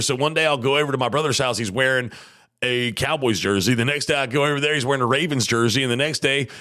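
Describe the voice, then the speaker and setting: A man, hosting a podcast in casual, chatty talk full of fillers. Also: medium pitch. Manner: chatty and animated, many fillers. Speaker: podcast host.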